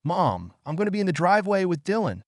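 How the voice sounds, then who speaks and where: A man's voice: on the high side, big pitch swings, measured pace, breathy edge, no echo, pitched above the performer's own voice, heavily acted. A watchful young woman minding a small child, firm but caring, as a man reading the audiobook puts her on. The voice is lifted above the reader's own. It is recorded close and dry.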